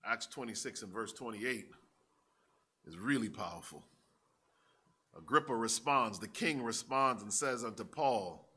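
Male preacher, forceful voice, dramatic sermon delivery that swells into shouts. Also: lowish voice, expressive, a little slow, pauses often, slightly rough. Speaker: pastor.

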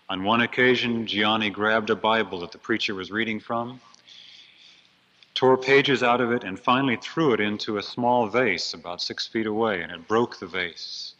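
A low-pitched man delivers an earnest storytelling sermon with a forceful edge. He builds dramatically on key phrases. The recording is dull and lo-fi. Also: moderate pace. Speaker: preacher.

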